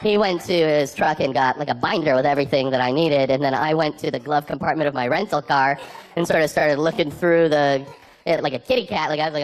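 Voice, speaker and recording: A man's voice: on the high side, fast. A man doing a stand-up comedy set, telling rambling anecdotes full of "like" fillers. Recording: noisy live recording with clicks.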